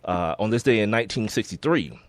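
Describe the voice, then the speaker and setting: A man co-hosting a sports podcast, talking in a relaxed, casual way and often laughing as he reads out sports history. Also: lowish voice, a little fast, no room sound. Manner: laid-back, laughs often, reads listings with slips. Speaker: podcast co-host.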